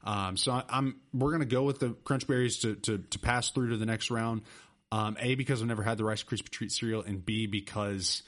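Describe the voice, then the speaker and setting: A middle-aged man hosting a casual podcast chat, rambling and excitable. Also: fairly low pitch, brisk. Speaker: podcast host.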